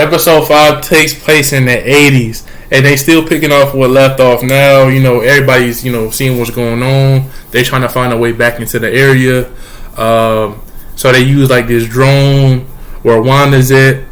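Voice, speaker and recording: A young man vlogging a casual, excited and slangy recap of a show. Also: mid-range voice.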